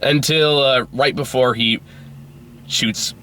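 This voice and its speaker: A man's voice: mid-range voice, fairly even intonation, slow pace, sharp tone, slight background noise. A man hosting a casual movie review chat, laughing often, going off on tangents and swearing casually.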